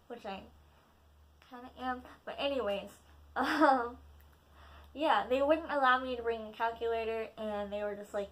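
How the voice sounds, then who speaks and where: Brief: teen girl vlogger, slightly high voice, rambling and self-deprecating, filler-heavy storytime. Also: steady tone, unhurried, pauses often, a bit bright. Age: teens. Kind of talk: casual storytime vlog.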